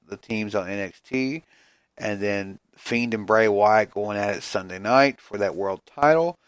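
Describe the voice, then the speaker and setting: A man's voice: mid-range voice, no room sound. A man hosting a casual solo podcast, ranting in a rambling, profane, frustrated way and sounding tired and yawning. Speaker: podcast host.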